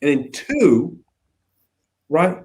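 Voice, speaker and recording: A man speaking as a youth pastor guest in a casual conversation, animated, acting out little quotes and often checking in with "right?". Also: a little high, drawn-out words, slight background noise. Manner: animated, acts out quotes, keeps asking "right?".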